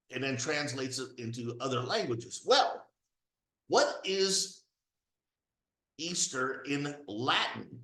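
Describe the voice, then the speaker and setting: A man giving an emphatic religious and political commentary monologue, rising to near-shouts when indignant. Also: medium pitch, echoey room, low-quality recording. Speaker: commentary host.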